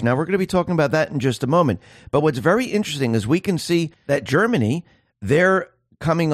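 A man's voice: mid-range voice, no echo. Emphatic male commentator, dry close sound. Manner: emphatic, rhetorical questions, acts out voices of the public. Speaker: political commentary host. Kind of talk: monologue commentary.

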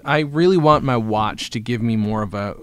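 A man's voice: medium pitch, moderate pace, clean tone, no echo. A man co-hosting a comedy podcast, chatting casually in a rambling, self-mocking way. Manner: rambling, self-mocking, playful put-on voices. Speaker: podcast co-host.

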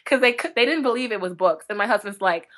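A woman book blogger chatting as a podcast guest, telling lively stories with frequent laughter and acted-out quotes. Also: mid-range voice, fast talker. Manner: animated, laughing often, acts out quotes. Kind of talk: chatty podcast interview storytelling.

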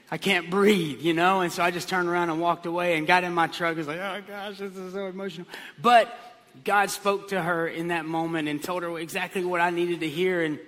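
A man pastor preaching a sermon, telling stories with comic voices. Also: on the high side. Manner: animated storytelling with comic voices. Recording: long hall reverb.

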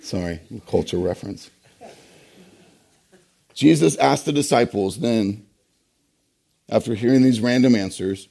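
Mellow-voiced male pastor preaching. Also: on the low side, vocal fry. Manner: emphatic preaching with rhetorical questions and pauses. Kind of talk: sermon.

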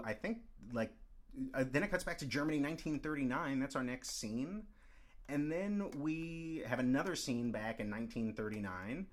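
A man teaching screenwriting, talking through a script in a loose, stop-start way with fillers. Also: mid-range voice. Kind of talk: script analysis lecture.

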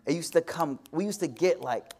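A man giving a sermon-style lecture as an Islamic teacher, swinging from hushed to loud, with slangy asides and rapid Arabic recitation. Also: on the high side, animated. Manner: slangy, addresses audience directly.

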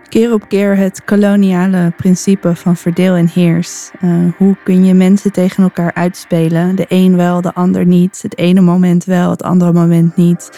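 A woman's voice: on the low side, vocal fry, warm tone. A woman narrating a documentary in an earnest, reflective way. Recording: faint music underneath.

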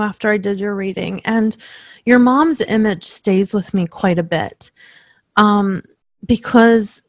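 A woman working as a medium, tenderly recounting a reading to the person she read for, emotional and halting. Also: mid-range voice, no echo, clean studio sound.

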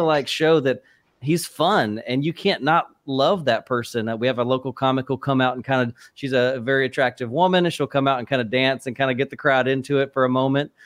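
A man's voice: medium pitch, no room sound. A man hosting a casual conversation, agreeing enthusiastically. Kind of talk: casual chat.

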